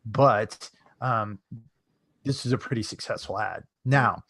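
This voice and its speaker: A man's voice: on the low side, takes it slowly, a bit bright. A man presenting a casual live webinar, chatty, often tagging his sentences with "right?".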